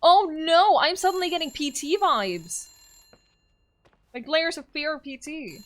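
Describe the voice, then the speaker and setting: A woman's voice: high voice, animated, unhurried, fairly bright tone. A woman streaming a game live, laughing often and chatting playfully with viewers. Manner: giggly, playful, thanks viewers.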